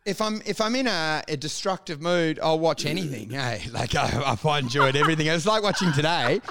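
A man's voice: fairly high pitch, animated, brisk, vocal fry, background noise. An Australian man co-hosting a podcast, ranting and mocking with lots of swearing and laughter. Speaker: podcast co-host. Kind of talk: crude comedic podcast chat.

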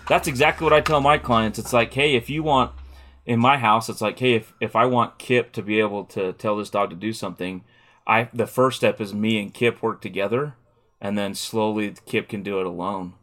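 Animated man telling stories. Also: on the low side, moderate pace. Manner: animated storyteller, acts out quotes. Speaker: dog trainer. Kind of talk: casual chat.

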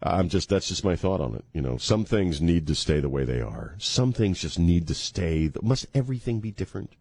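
A man's voice: low-pitched, sing-song, normal speed, vocal fry, darkish tone, husky, no room sound. A male talk radio host bantering on air, ranting in mock outrage and joking. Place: radio studio. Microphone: studio microphone.

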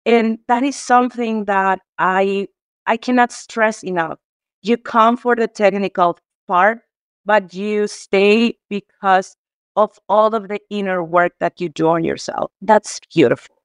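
Heartfelt woman from Mexico, smooth voice. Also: mid-range voice, steady tone, a little slow, no room sound, clean studio sound. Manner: heartfelt, tearful, many restarts and fillers. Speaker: guest. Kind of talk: emotional conversational interview.

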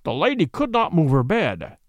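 A man voicing a brilliant, calm male detective who explains things in a measured way. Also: on the high side, dry recording. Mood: grave, explaining.

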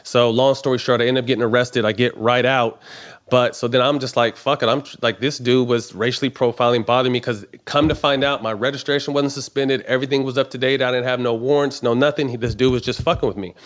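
A man's voice: mid-range voice, fairly even intonation, fast talker. A man telling a personal story in casual, profane talk, acting out both sides of the conversations he recounts. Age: adult. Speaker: professional basketball player.

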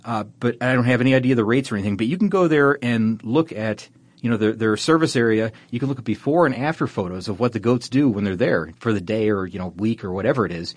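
A man's voice: medium pitch, lively intonation, fast talker, dry recording. A man co-hosting a podcast in casual chat, rambling and self-correcting with frequent chuckles. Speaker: podcast co-host.

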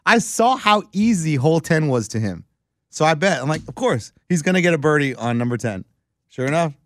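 A young man telling a rambling, excitable story in casual chat, full of "dude" and "like". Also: on the high side, a little fast, dry recording.

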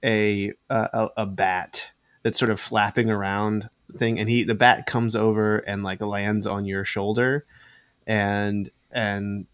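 A man's voice: on the low side, little pitch movement, fairly bright tone, clean tone, no room sound, clean studio sound. A young man running a tabletop game as game master, narrating with many restarts and repeated words. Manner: halting, repeats words, laughs often.

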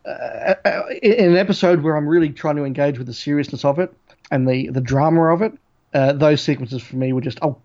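A man co-hosting a podcast, giving a measured, thoughtful opinion of an episode. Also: a little high, darkish tone. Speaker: podcast co-host. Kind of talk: casual review chat. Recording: dull lo-fi audio.

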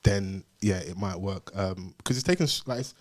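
A man's voice: deep voice, moderate pace. A young man co-hosting a podcast in casual, joking chat. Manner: joking, playful banter with frequent laughs. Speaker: podcast co-host.

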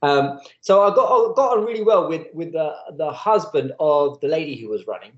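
A man's voice: a little high, lively intonation, normal speed. Chatty man in a roomy space. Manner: chatty, laughing, mimics others. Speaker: podcast co-host. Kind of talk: casual chat, storytelling. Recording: roomy muffled audio.

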